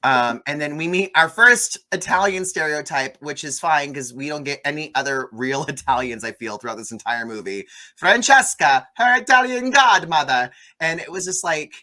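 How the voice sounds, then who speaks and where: A man hosting a casual movie review chat, animated and gossipy, often swearing. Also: a little high, normal speed. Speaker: host.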